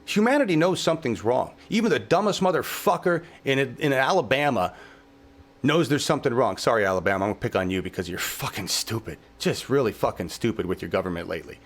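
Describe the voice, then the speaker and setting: A man's voice: mid-range voice, expressive, fast talker. A male show host delivering a heated political podcast rant, swearing heavily, fervent and exasperated.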